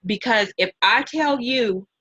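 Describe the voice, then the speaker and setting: A middle-aged woman hosting an interview, talking in a heartfelt, animated, mentoring way. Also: fairly high pitch, slow pace, slightly rough, low-quality recording. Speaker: host and nonprofit founder. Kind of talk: emotional casual interview.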